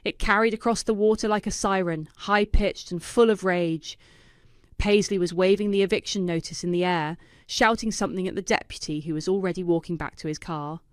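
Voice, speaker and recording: Smooth, close-miked woman narrating a story. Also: on the low side, fairly even intonation, a little fast, no room sound. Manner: dry, knowing and quietly vindictive. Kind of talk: scripted first-person narration.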